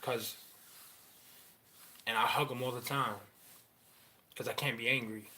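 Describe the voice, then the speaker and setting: Profane, rambling man with a bright voice. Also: medium pitch, steady tone, a little hiss or hum. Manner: rambling, profane, halting with many fillers. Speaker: father sharing personal story. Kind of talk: candid personal monologue.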